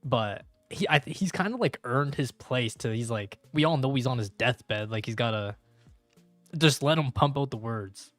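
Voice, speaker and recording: A young man reacting casually on a live stream, slangy and rambling. His mid-pitched voice sounds dry and close to the mic. Quiet music plays underneath. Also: expressive, moderate pace, no room sound. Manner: slangy and rambling, full of "bro" and "like". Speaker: streamer reading manga live.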